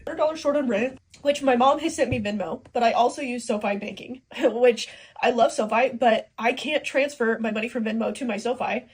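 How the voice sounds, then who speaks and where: A woman's voice: fairly high pitch, fairly quick, hardly any pauses, husky. A single mother venting emotionally in a casual, rambling vlog. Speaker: single parent vlogger.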